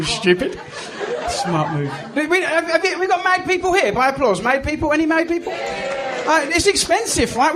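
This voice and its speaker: A man in his thirties with an English accent, doing a chatty, self-mocking stand-up set and teasing the audience. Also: extremely high pitch. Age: 30s. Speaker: stand-up comedian. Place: comedy club stage. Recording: live club recording with crowd noise. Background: audience laughter and room noise.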